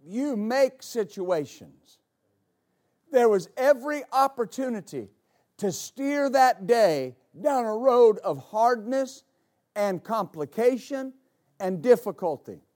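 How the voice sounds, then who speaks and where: A middle-aged male pastor telling a story in a sermon, with many halting restarts that build into emphatic declarations. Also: very high voice, expressive, darkish tone.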